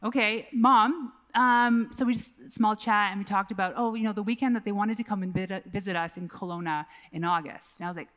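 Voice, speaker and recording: A woman's voice: mid-range voice, moderate pace, fairly bright tone. A woman in her forties giving a keynote talk on a conference stage, telling a personal story in a candid, casual way and swearing freely. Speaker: keynote speaker.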